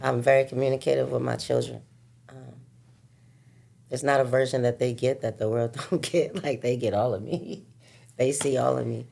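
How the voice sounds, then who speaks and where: A woman's voice: rumbling low, fairly even intonation, normal speed, vocal fry, a little mellow. A woman, a mother of three, talking frankly and laid-back about her own time in a podcast chat. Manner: frank, laid-back, calls music therapy. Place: podcast studio.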